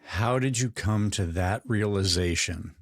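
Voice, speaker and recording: Male interviewer with a deep voice, thoughtful and encouraging, dry close sound. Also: unhurried, no room sound. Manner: reflective, encouraging listener. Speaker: podcast host. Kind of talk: interviewer conversation.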